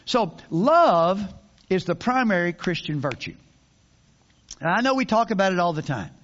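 A man's voice: high voice, big pitch swings, normal speed, fairly bright tone, highs cut off. An older man preaching a sermon in a folksy, conversational way, with many restarts and asides. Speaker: pastor.

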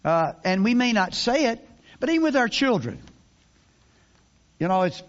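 Older preacher guy, high voice that jumps around a lot, folksy sermon, kinda muffled recording. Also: sing-song, normal speed, pauses often. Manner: folksy, conversational preaching with frequent restarts. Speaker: pastor.

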